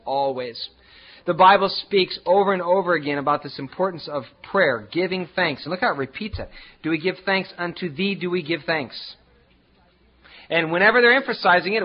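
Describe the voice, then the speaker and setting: A man preaching a sermon as pastor, emphatic and repetitive, swinging from loud declarations to hushed asides. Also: on the high side, muffled recording.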